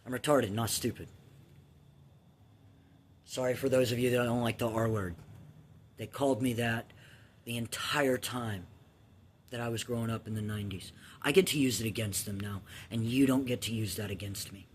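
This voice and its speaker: A man's voice: medium pitch, steady tone, normal speed, long pauses, a little hiss or hum. A man in his thirties casually telling his own life story, candid and profane, with restarts and filler ums. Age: 30s.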